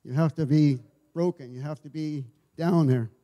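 A man giving an informal church sermon, telling stories in a halting way, often repeating and restarting his words. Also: fairly high pitch, steady tone, dark tone. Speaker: lay preacher. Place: church service.

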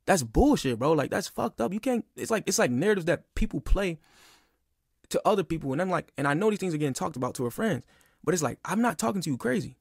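Fast-talking, gravelly young man venting. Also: a little high, big pitch swings, no room sound, studio quality. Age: 20s. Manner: emphatic, profane, repeats himself. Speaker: podcast guest. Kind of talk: casual venting monologue.

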